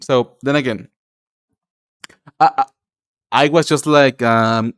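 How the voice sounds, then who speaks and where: A man's voice: mid-range voice, slow pace, a bit bright, no echo, clean studio sound. Rambling Mexican-accented male streamer. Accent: Mexican Spanish. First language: Spanish. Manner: rambling, many fillers, calls viewers darling. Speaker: livestreamer. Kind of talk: casual chat with viewers.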